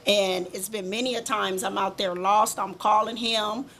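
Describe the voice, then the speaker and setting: A woman's voice: mid-range voice, steady tone, moderate pace, fairly bright tone. Woman motorcycle rider from compton talking straight, emphatic, bit of faint hiss behind. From Compton, California. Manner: candid, emphatic, repeats for emphasis. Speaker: motorcycle rider, interview guest. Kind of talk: casual interview chat.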